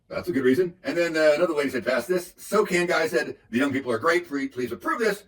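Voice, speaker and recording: A man giving a casual, sardonic recap of a city council meeting, deadpan and wry, with many filler words. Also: fairly high pitch, fast talker, hardly any pauses. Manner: wry, deadpan, lots of uh fillers, mocking quoted voices. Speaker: local video commentator.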